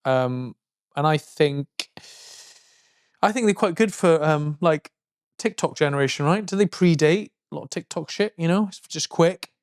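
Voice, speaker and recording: A man co-hosting a podcast, chatting in a rambling, jokey way and breaking into high yelps. His voice sits fairly high, recorded close and dry with no room sound at all. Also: moderate pace, clear, resonant tone, dry recording. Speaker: podcast co-host. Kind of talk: casual chat.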